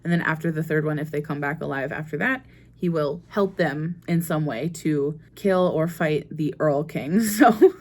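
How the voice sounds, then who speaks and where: A woman's voice: deep voice, a little mellow. A young American woman chatting casually on her book vlog, rambling and often laughing at herself. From United States. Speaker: book vlogger. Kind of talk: casual chat.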